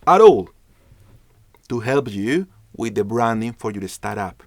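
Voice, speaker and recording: A man's voice: lowish voice, animated, unhurried, no room sound, clean studio sound. A man giving an online branding lesson. He speaks emphatically, repeats his key points, and acts out little dialogues. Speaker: branding lecturer. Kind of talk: online business class.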